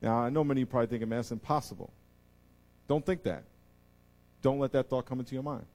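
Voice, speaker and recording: Male pastor, sermon, medium pitch, dynamic delivery with big swings from hushed to fired-up. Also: rapid-fire. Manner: animated, swings between hushed asides and loud excited bursts.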